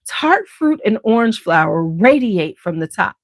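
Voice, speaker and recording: A sassy woman with a Chicago accent chats casually to her viewers, her pitch leaping up and down with big expression. She talks slowly and takes her time. The recording is dry and close, with no room sound. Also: no echo. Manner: animated, sassy, swings into high exaggerated quotes. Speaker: beauty channel host. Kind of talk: casual chat to camera.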